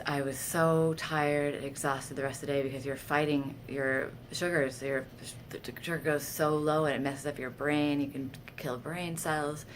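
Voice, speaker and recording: Low-voiced woman telling candid stories. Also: slight background noise. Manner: candid, self-deprecating, animated when quoting herself. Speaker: vlogger sharing personal stories. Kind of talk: casual storytelling to camera.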